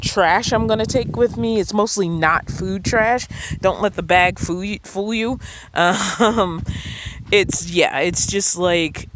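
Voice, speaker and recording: A woman's voice: medium pitch, takes it slowly, noisy background. A woman vlogging from her van campsite in casual, rambling chat with frequent ums. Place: outdoor desert campsite beside a van.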